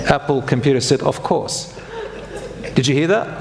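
A man's voice: medium pitch, sing-song, a little slow, a crowd in the background. A man giving a religious lecture to a congregation in a conversational way, putting questions to the audience and correcting himself as he goes. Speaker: Islamic preacher. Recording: long hall reverb.

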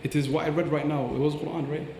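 A fast-talking man with a mellow voice explains recitation like a patient teacher, slipping into recited Arabic phrases. He sounds roomy, with a long reverb trailing his words in a large hall. Faint ambience sits behind him. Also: fairly high pitch, level tone, a little hiss or hum. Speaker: Quran teacher. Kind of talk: podcast explanation.

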